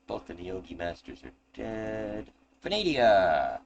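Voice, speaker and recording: Low-pitched male game master, casual joking delivery, noisy home recording. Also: sing-song, takes it slowly, creaky, highs cut off. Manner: casual, swearing, laughing asides. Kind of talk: narrating a tabletop game.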